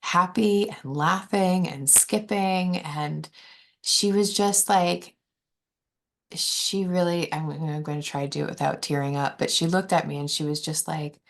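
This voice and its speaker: A woman's voice: deep voice, steady tone, a little slow, gravelly. A woman life coach, a podcast guest, sharing her personal story in an earnest, open way. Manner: earnest and open, quoting her own inner voice.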